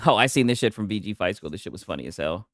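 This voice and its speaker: A man's voice: lowish voice, expressive, very fast, no echo, studio quality. A man hosting a casual gaming news stream, talking loosely and profanely and laughing often as he reacts to posts. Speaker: livestream host.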